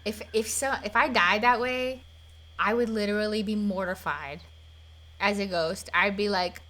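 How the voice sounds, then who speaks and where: Young woman, mid-pitched voice, lively and swearing, faint hiss behind, casual podcast chat. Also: normal speed. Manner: animated, swearing, laughing storyteller. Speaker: podcast co-host.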